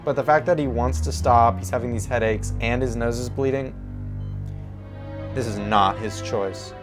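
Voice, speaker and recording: This young host of a TV reaction video speaks in a medium pitch with fairly even intonation and a moderate pace. Even so, his casual commentary is emotional and exclamatory, aimed right at his viewers, with soft show music audible behind.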